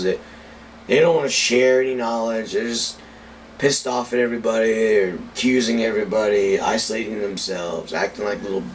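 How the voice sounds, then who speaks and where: A man ranting heatedly and with a lot of swearing in a casual vlog monologue as a cigar reviewer. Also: fairly low pitch. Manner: profane, heated political rant. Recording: distant mic with faint background noise.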